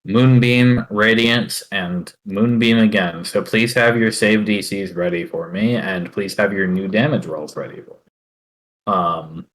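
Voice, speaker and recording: A man narrating a tabletop game as its dungeon master, in a lowish voice. He talks slowly and deliberately, filling pauses with hums and restarts as he describes what happens. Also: rough recording. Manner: slow, measured narration with many fillers.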